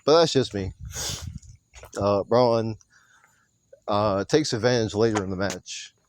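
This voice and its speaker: A man's voice: on the low side, slow, a little hiss or hum. A man recapping a wrestling show in a loose, rambling monologue, swearing casually and often correcting himself. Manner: rambling, profane, self-correcting.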